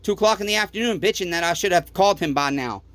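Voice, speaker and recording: A man's voice: high-pitched, expressive, fast, a bit bright, no echo. A tired, fed-up man who runs a small repair shop, ranting to the camera in his workshop and swearing constantly. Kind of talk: angry workshop rant to camera.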